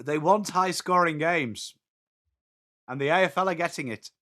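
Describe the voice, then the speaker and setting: Slightly high-voiced and speaking at normal speed, a young man from northern England hosts a live fan watchalong. He calls the play and reads the chat, full of excitable banter with viewers by name.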